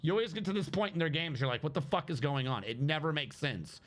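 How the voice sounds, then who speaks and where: High, lively-voiced exasperated male streamer. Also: fast. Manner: profane, exasperated venting. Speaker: game streamer. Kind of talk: live-stream gameplay commentary.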